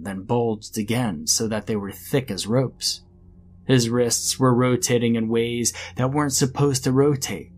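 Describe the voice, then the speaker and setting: Low-voiced man narrating a horror story. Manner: dramatic first-person storytelling.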